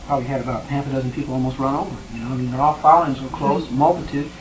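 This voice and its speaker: Bible study teacher just talking it through with the class, middle-pitched voice, faint hiss behind. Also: steady tone, rapid-fire, rough recording. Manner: conversational, retells scripture in everyday words, checks in with the class.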